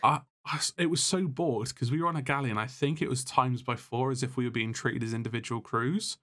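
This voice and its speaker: A man's voice: mid-range voice, steady tone, a little fast, fairly bright tone. A man talking as a podcast guest in casual chat, blunt and exasperated, swearing freely as he complains. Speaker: podcast guest, content creator.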